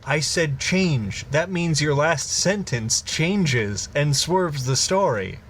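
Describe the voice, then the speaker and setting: A young man co-hosting a podcast, teasing his partner with drawn-out comic interjections. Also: on the high side, expressive, slight background noise. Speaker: podcast co-host. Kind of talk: casual comedic banter.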